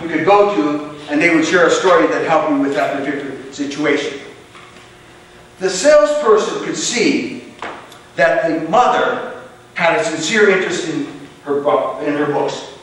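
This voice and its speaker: High-voiced man giving an emphatic speech. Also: fairly bright tone. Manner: emphatic, with deliberate pauses and rising punches. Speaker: club contest speaker. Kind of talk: motivational contest speech. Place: club meeting room. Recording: echoey room from far off, faint hiss.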